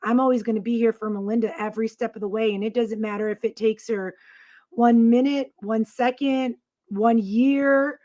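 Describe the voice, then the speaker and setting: A woman co-hosting a casual talk show, reading out viewer comments in a supportive, steady way. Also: a little high, moderate pace. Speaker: co-host.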